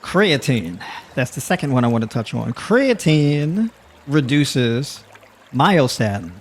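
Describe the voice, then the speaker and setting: Guy hosting a livestream, middle pitched voice, chatty, lots of uhs and laughs, calls the chat y'all. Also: very animated, slow, slight background noise. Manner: chatty, laughs often, heavy fillers; addresses audience with y'all. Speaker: livestream host. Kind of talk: casual livestream talk to the chat.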